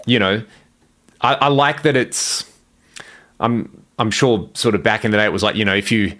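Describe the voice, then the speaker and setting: A man's voice: lowish voice, moderate pace, a bit bright. A man hosting a gear podcast in casual chat, chatty and self-deprecating, who demos pedals.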